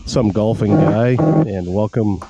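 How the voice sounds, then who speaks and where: A man's voice: lowish voice, animated, takes it slowly, dull audio, loud music behind the voice. A man hosting a casual podcast, rambling with many fillers and laughing at himself. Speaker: podcast host.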